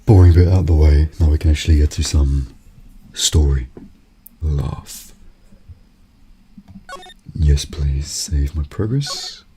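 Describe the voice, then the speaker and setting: A man's voice: a bass voice, takes it slowly, pauses often, mellow, slight background noise. A man casually joking while livestreaming a game playthrough. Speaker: streamer. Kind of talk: live game playthrough commentary. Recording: game music playing behind.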